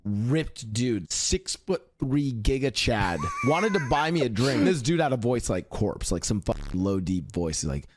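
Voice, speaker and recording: A man's voice: medium pitch, big pitch swings, a little hiss or hum. Chatty young man telling a story. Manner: chatty, amused, quick. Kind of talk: casual storytelling.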